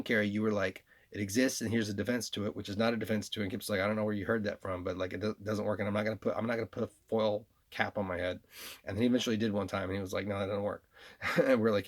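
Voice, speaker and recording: Man, New York accent, gravelly voice, low pitch, rambling monologue, repetitive. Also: fairly even intonation, rapid-fire. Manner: rambling and repetitive, with frequent restarts and laughs. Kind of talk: rambling spoken monologue addressed to absent listeners.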